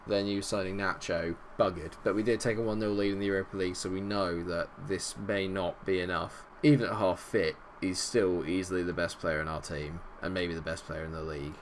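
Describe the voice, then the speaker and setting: A man commentating on his own football management game, animated and bursting into shouts at goals, a little unwell. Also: sits low, a little fast, hardly any pauses, slight background noise. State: unwell, not feeling great. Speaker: gaming video host.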